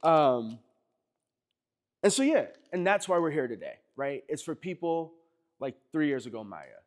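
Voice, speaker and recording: Fairly high-pitched and very animated yet unhurried, an East Coast American chiropractor tells stories casually to a live workshop group. He's chatty, acting out quotes and laughing often as he goes.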